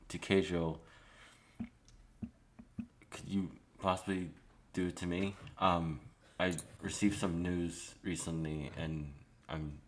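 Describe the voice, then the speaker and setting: A man voicing a worried, soft-spoken young adventurer in a tabletop game, halting and apologetic. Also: sits low, a little hiss or hum.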